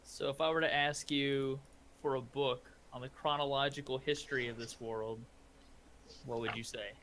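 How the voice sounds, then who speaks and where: A man's voice: medium pitch, fairly even intonation, moderate pace, fairly bright tone, a little hiss or hum. A man taking part as a player in a tabletop game, joking casually.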